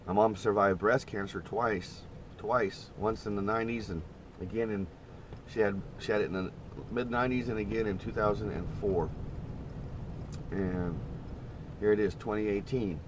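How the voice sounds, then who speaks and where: A man's voice: fairly low pitch, steady tone, moderate pace, noisy background. Folksy, rambling man chatting in a camper van. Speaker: vlogger. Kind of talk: casual live-stream chat. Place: inside a parked camper van, wind outside.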